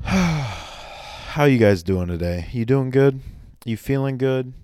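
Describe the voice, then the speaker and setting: Man, rambling comedy monologue, sarcastic, mock-soothing, dry close sound, smooth voice. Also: medium pitch, takes it slowly, warm tone, no echo.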